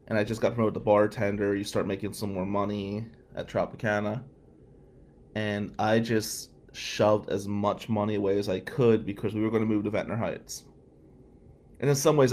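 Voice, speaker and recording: A man's voice: on the low side, slight background noise. A man telling a personal story in a candid, emotional way, with sighs along the way. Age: adult, past law school. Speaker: storyteller recounting his past.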